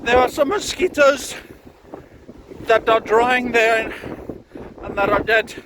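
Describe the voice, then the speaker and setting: Very high-voiced and slow, a man in his thirties rambles through a casual walking vlog on a windy beach, a little out of breath and tired. His tone is mock-grand, jokey and profane, and wind noise hits the phone mic.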